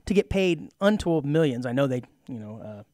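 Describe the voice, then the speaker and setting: A man co-hosting a podcast in casual chat, joking with quick asides. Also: mid-range voice, sing-song, a little mellow, no room sound, studio quality. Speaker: podcast co-host.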